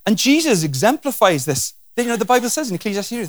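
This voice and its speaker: A man's voice: very high voice, a little fast, dry recording. A man preaching a sermon with humour, acting out scenes and voices as he goes. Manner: animated and humorous, acting out scenes.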